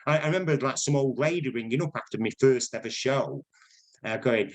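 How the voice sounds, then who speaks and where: An older man from Manchester with a Manchester accent, telling stories in an interview, chatty and quick to laugh. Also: mid-range voice, poor audio. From Manchester, England. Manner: chatty storyteller, laughs often, acts out quoted people. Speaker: broadcaster guest. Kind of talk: conversational interview anecdotes.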